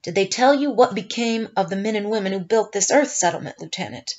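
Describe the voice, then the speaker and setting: A woman's voice: medium pitch, animated, fairly quick, lightly acted. Woman doing a talkative army captain, rambling plans, a bit muffled. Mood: brisk. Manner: rambling, planning aloud. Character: military captain, brisk and talkative.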